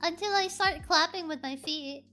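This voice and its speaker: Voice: very high-pitched, moderate pace, bright, forceful tone, soft background music. A VTuber streamer chatting casually on a live stream, giggly and playful, reading chat aloud from a home setup.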